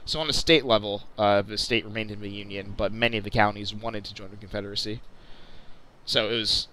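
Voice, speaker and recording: Fillers like "uh" and frequent restarts mark this young host's chatty commentary as he narrates a simulated flight for his video. He talks fairly quickly in a lowish, fairly even voice that sounds pushed and bright. The recording quality is rough.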